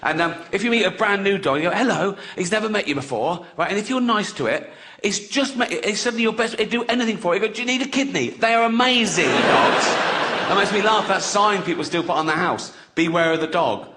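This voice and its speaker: A man's voice: high voice, lively intonation, fast. A man in his sixties doing a crude, conversational stand-up routine, often chuckling at his own jokes. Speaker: stand-up comedian. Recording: loud audience laughter behind. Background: audience laughter.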